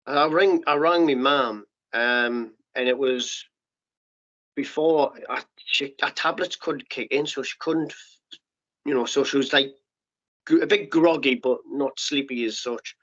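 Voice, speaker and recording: A middle-aged man telling his story as a podcast guest, blunt and sweary, with quick restarts and acted-out quotes. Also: medium pitch, a bit bright. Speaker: podcast guest, former paratrooper. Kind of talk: candid storytelling interview. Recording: muffled lo-fi podcast audio.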